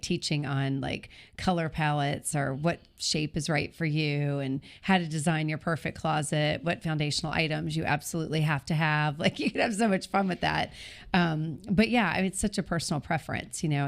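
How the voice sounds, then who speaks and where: A woman with a low, creaky voice hosts and organizes a live online Q&A. She brings enthusiastic, coaching energy to what is essentially a motivational pitch.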